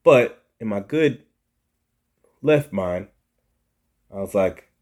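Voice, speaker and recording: A middle-aged man hosts a podcast with a fairly low voice. He tells a story in a loose, chatty way, slipping into the voices of the people he quotes and restarting his sentences as he goes. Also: slow, long pauses. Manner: animated, acts out quoted voices, frequent restarts. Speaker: podcast host. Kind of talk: casual storytelling.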